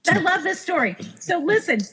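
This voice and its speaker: This woman's voice is extremely high-pitched and moderately paced, heard on a low-quality recording with a little hiss or hum. Once a cruise director, she tells stories in a relaxed podcast conversation, lively and acting out whoever she quotes.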